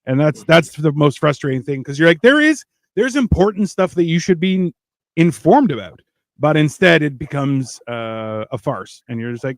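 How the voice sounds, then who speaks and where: A man's voice: fairly high pitch, lively intonation, a little slow, dry recording, studio quality. A man hosting a casual podcast who reads out viewer comments in a laid-back, wry, rambling way. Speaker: podcast host. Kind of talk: casual chat reading live comments.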